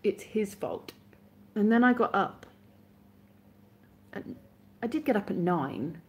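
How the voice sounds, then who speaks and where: A woman's voice: medium pitch, sing-song, slow. A woman hosting a live stream, chatting casually with her viewers, sleepy and yawning, giggly and self-mocking.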